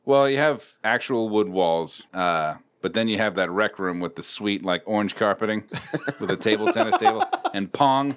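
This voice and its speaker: A man's voice: fairly low pitch, animated, normal speed. A middle-aged man hosting a podcast, joking around and swearing freely in casual banter. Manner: profane, joking, loose delivery. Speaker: podcast host.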